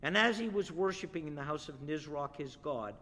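A man preaches in a church sanctuary, his voice sitting a little high for a man. He reads scripture and builds to emphatic, forceful declarations. A long reverb trails off every phrase. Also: lively intonation, brisk. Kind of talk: sermon.

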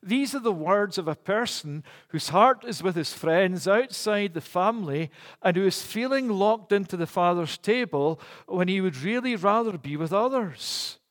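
A man's voice: high voice, animated, moderate pace, big-room sound. A man preaching a sermon in an earnest, emphatic way, with rhetorical questions.

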